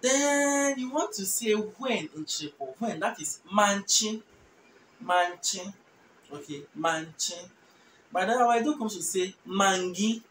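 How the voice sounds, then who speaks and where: A Ghanaian man teaching a language lesson, repeating each phrase slowly and translating it patiently. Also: high voice, a bit bright. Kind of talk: relaxed spoken language lesson. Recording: roomy, distant mic with faint noise.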